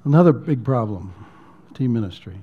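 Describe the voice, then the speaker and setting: Heard over phone-quality audio, a man at medium pitch preaches at a normal pace in an expressive, slightly rough voice. His sermon is told as a conversational story, with repeated words and near-whispers at the emotional peaks.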